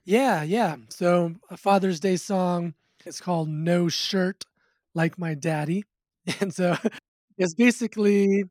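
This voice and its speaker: Male guest, casual and laid-back, slightly raised pitch, dry close mic. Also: slow, darkish tone, dry recording. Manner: easygoing, laughs often, slips into playful quoted voices. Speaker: musician guest. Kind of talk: casual interview chat.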